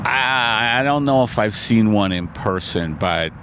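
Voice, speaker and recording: A man hosting a comedy podcast, rambling along in a deadpan way with loose tangents. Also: on the low side, a little slow, background noise. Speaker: podcast host. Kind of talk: casual comedy chat.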